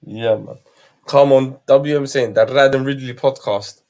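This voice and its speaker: A young British man in mid-range voice trades jokes on a casual stream. His delivery is quick-fire and teasing, full of street slang. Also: mid-range voice, steady tone, a little mellow. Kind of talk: casual banter on a live stream.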